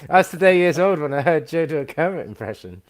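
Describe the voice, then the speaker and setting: A British man co-hosting a wrestling podcast, swearing freely in lively banter. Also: fairly high pitch, fast, heavy background noise. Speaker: podcast co-host. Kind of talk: casual wrestling review chat.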